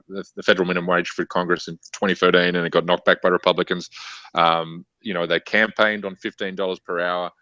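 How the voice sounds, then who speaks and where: Low-voiced male guest, dull dry audio. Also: pushed and bright, no room sound. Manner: fluent, argumentative, many "you know" fillers. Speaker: guest author and activist. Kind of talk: political discussion.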